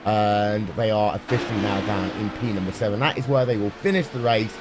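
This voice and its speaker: A man calling a sim race live, brisk and playful, with dry jokes. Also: fairly low pitch, background noise. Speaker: sim racing commentator. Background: music playing underneath.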